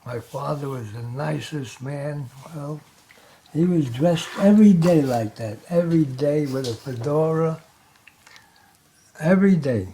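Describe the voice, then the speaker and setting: Nonagenarian man, joke-telling guest, mellow warm timbre, wisecracking delivery. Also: fairly high pitch, unhurried, a little hiss or hum. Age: 90s. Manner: wisecracking, chuckles at his own punchlines. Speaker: interview guest. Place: local TV studio.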